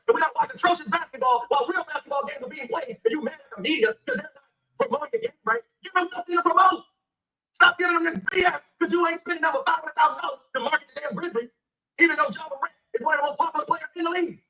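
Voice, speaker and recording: A man ranting about basketball as a sports commentator sounds heated, emphatic and full of profanity. His very high-pitched voice runs very fast with a sharp tone over rough-sounding audio.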